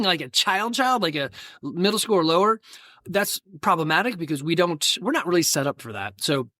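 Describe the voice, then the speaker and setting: A man's voice: high voice, sharp tone. A middle-aged man hosting a casual solo podcast, talking in a rambling, folksy, self-deprecating way with asides. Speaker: podcast host and gym owner.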